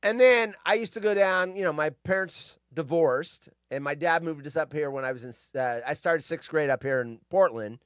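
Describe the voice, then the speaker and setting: A man's voice: a little high, normal speed, few pauses, clean tone, dry recording, clean studio sound. Rambling middle-aged male host. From California. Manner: rambling, nostalgic storytelling with tangents. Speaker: show host. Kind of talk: casual rambling monologue.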